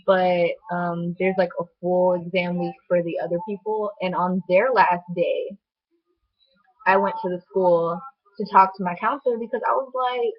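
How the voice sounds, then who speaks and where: A young woman telling a personal story to camera in a chatty, animated way, full of "like" fillers. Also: lowish voice, moderate pace. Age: young adult. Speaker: vlogger. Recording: dull lo-fi sound.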